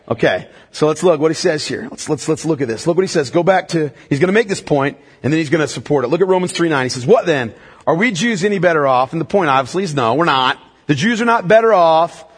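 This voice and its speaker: Husky, animated preacher in an echoey hall. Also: male voice, sits high. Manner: emphatic, repeats "okay?" to the congregation. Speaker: pastor. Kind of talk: sermon.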